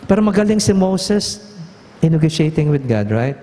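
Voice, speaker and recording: Filipino pastor preaching, fairly high voice, chatty, keeps asking the crowd questions, lots of hall echo. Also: male voice, moderate pace, dark tone, slight background noise. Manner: conversational, quizzes the congregation. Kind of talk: sermon. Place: church sanctuary.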